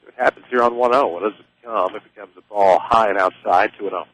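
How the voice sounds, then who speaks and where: Man, radio baseball play-by-play, chatty, low voice. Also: quick pace, dry recording, rough recording. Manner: easygoing, chatty, excited on big plays. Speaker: play-by-play announcer.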